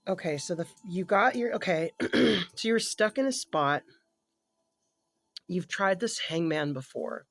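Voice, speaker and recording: A tarot reader giving a casual spoken reading to an unseen client, thinking aloud in a halting, self-correcting way and staying gentle and sympathetic, sometimes sinking to a soft murmur. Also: mid-range voice, animated, dry recording. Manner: gentle, empathetic, drops to a soft murmur at times.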